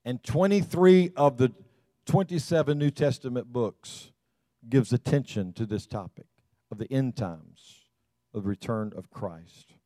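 A man's voice: mid-range voice, a little slow, mellow, no echo. A man preaching a sermon as a pastor, folksy and emphatic.

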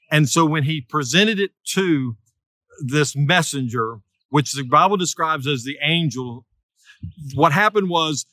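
Man, preacher, sermon storytelling, bright tense tone, dry close sound. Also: no echo. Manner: storytelling, acts out quoted voices with raised pitch.

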